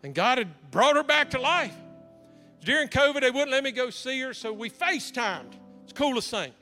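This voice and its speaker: Male pastor, high bright voice, animated storytelling sermon in a reverberant church hall with faint music. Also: normal speed. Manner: animated storyteller, acting out dialogue.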